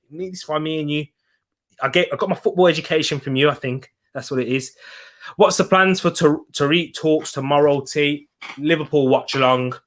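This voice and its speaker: A young man chats through a live football stream, answering his viewers in an easy, laughing manner. His voice sits a touch high, with a bright, forceful edge. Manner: chatty and upbeat, laughs often. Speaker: football watch-along streamer. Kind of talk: live football watch-along chat, reading viewer comments.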